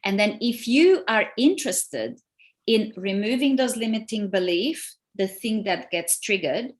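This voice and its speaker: Woman coach, interview guest, animated and emphatic delivery. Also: mid-range voice, a little slow. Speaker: relationship coach. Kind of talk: interview conversation.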